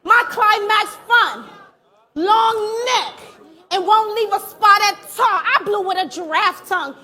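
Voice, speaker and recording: A woman spits battle-rap bars in a very high, piercing voice. She delivers taunting, aggressive punchlines, often shouting them out over a live event with a faint crowd behind her. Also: a little slow. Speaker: battle rapper.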